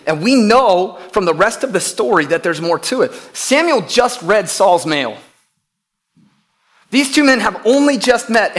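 A male pastor delivers an emphatic sermon, his voice sitting a little high for a man. He often repeats words and swings between loud, pressing lines and hushed ones.

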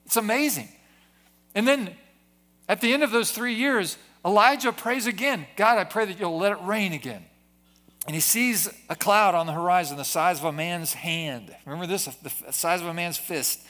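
A man's voice: sits high, moderate pace, bright, forceful tone. A man preaching a sermon in a church service, earnest, often repeating his words as he builds a point. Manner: earnest preaching with frequent word repetitions. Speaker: pastor.

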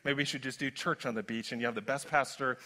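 A male pastor preaching a sermon in an animated, conversational way, mixing in self-deprecating humor. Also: medium pitch, quick pace.

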